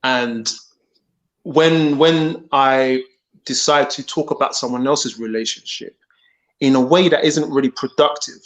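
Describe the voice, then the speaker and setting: A man chatting casually as a podcast guest, speaking hesitantly with pauses and restarts. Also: mid-range voice, a bit bright. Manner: hesitant, many fillers and restarts. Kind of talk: casual chat.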